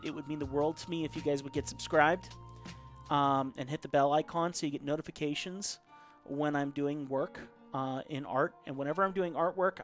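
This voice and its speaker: A man live-streaming his drawing, chatting casually and reading viewer comments aloud in a rambling way. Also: on the high side. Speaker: caricature artist live-streaming.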